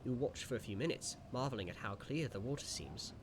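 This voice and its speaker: A man streaming a gamebook playthrough, reading the passages aloud and musing between them in an animated way. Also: mid-range voice, brisk, background noise.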